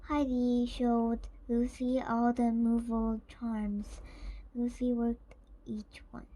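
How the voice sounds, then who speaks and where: A woman reading a children's picture book aloud in a slow, careful, gentle way. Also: a little high, little pitch movement, poor audio. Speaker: storyteller.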